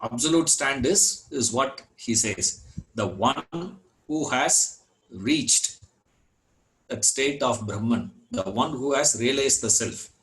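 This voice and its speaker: A man teaching a scripture class, unhurried, repeating words and filling gaps with "you know". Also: medium pitch, lively intonation, a bit bright, poor audio. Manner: chants Sanskrit verse. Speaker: Vedanta teacher.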